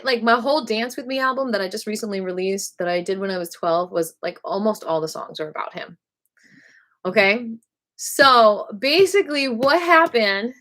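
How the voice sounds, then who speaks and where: Woman rambling thru old school stories on a live stream, animated, lots of "like", dramatic little outbursts. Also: mid-range voice. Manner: animated and rambling, full of "like" and asides; dramatic bursts when quoting herself. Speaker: singer hosting a live stream. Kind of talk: casual storytelling on a live stream.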